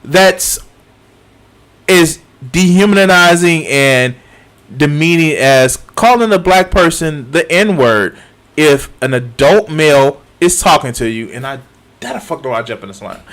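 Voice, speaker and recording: Animated, laid-back man in his thirties. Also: on the high side. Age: 30s. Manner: swears often, laughs and repeats himself. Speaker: streamer reacting to a video. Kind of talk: casual profane reaction commentary.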